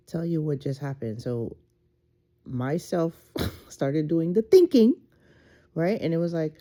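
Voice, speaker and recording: A woman who has just woken up talks slowly and unhurriedly, her voice dark and mellow. She rambles through a casual spiritual pep talk recorded on her phone, circling back on herself with lots of fillers. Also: on the low side. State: just woke up. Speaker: faceless content creator.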